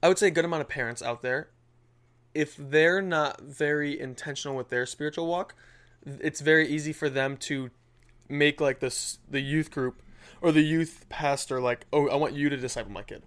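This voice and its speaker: A young man in his twenties, co-hosting a casual faith podcast, chatting and telling animated stories with many fillers. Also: on the high side, moderate pace. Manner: animated storytelling with lots of filler. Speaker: podcast co-host. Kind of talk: casual chat.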